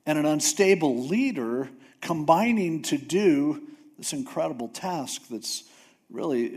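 A man's voice: on the high side, darkish tone, husky. A man preaching a casual sermon in a conversational way, often acting out biblical figures. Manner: conversational, acts out Bible figures.

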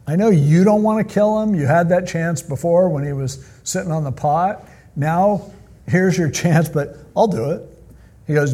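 Husky-voiced male pastor preaching. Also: on the high side, moderate pace. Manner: animated, conversational storytelling. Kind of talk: sermon.

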